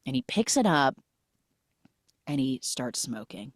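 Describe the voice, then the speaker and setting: A woman hosting a movie recap podcast who retells the plot in an animated way and acts out the characters' lines. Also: rumbling low, a little slow, no echo, studio quality. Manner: animated storytelling, quoting characters. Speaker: podcast host.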